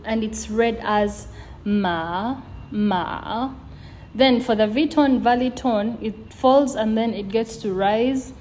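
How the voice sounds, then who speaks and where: A woman hosting a video lesson, slowly and patiently drawing out example sounds to demonstrate tones. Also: on the high side, fairly even intonation, darkish tone, slight background noise. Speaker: language teacher.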